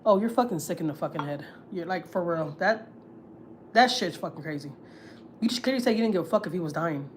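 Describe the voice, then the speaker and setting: A woman's voice: lowish voice, expressive, brisk, a little hiss or hum. A woman, a family vlogger, tells gossip on a livestream in a blunt, heated, profane way. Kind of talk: casual storytelling, gossip.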